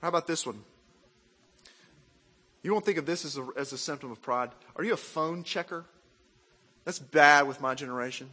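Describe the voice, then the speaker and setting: A man from Arkansas, preaching a sermon in an animated, self-mocking way and asking the crowd questions. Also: fairly high pitch, moderate pace, pauses often, big-room sound. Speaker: pastor.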